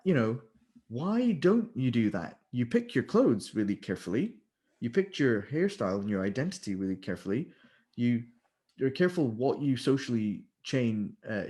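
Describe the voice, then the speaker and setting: Lively-voiced man explaining singing. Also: mid-range voice. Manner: animated, explanatory, demonstrates with sung syllables. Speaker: vocal leader. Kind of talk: conversational interview.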